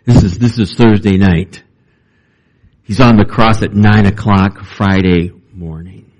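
A man preaching a sermon as pastor, reading scripture and talking it through with lively emphasis. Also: measured pace. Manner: animated, acts out quoted voices with rising pitch.

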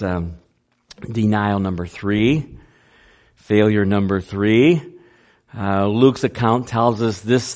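A man preaching a sermon, unhurried and halting, with frequent fillers and restarts. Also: medium pitch. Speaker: pastor.

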